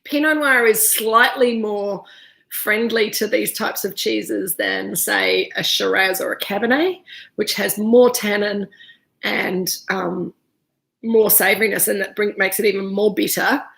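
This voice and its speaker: Chewing cheese while she talks, this woman runs a relaxed live tasting class as the winemaker. She speaks a little slowly in a medium, gravelly voice with a fairly bright tone.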